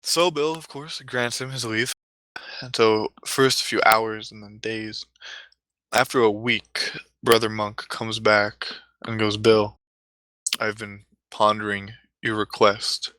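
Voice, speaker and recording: A man's voice: lowish voice, fairly even intonation, slow pace, sharp tone, dry recording, rough recording. A man narrating a mock-epic comedic story in a rambling, mock-solemn way, often correcting himself.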